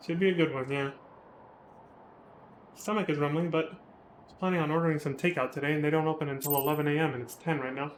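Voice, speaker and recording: A young man chatting casually on a live stream, self-mocking and quick to laugh at himself. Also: a little high, fairly even intonation, slight background noise.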